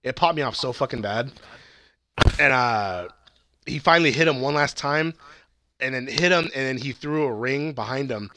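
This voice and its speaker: A man casually recapping a movie plot on a podcast, excited and rambling, swearing often and laughing at the funny parts. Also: medium pitch, normal speed. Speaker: podcast co-host reviewing movies.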